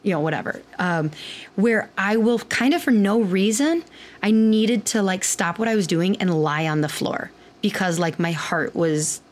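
A woman's voice: mid-range voice, expressive, moderate pace. A woman hosting a podcast, talking candidly in a rambling, casual monologue full of fillers and the odd swear word. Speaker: podcast host and clinician.

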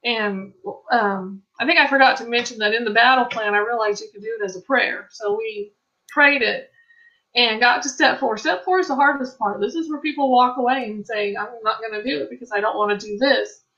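A woman's voice: fairly high pitch, fairly quick, bright, forceful tone, lo-fi sound. A middle-aged woman giving an earnest faith testimony, telling a friend's story with many restarts and quoted lines. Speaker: Christian ministry speaker. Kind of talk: testimony-style faith talk.

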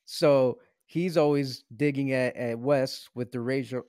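A man co-hosting a relaxed movie-review podcast, pitched in the middle for a man. He makes his case with playful, mock-serious emphasis and breaks into laughter often. The sound is close and dry. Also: measured pace, dry recording. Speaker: podcast co-host. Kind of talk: casual movie review chat.

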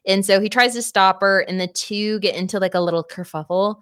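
A young adult woman co-hosting a book club podcast, retelling a plot in casual, profane chat with quick asides. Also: medium pitch, fairly even intonation, smooth, no room sound, clean studio sound.

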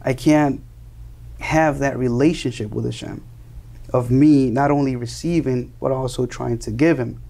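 A man's voice: mid-range voice, steady tone, measured pace, vocal fry, dark tone. A young man from Colombia, a guest in an interview, earnestly telling his story and often repeating and restarting words as he searches for phrasing. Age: young adult.

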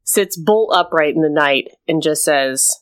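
A young woman co-hosting a podcast, telling an exasperated story in casual chat and mimicking her partner's flat replies. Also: deep voice, a little slow. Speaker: podcast co-host.

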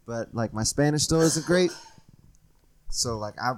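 A man's voice: mid-range voice, expressive, measured pace, slight background noise. A young man co-hosting a podcast, laid-back and jokey, chatting casually. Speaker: podcast co-host. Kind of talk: casual comedic chat.

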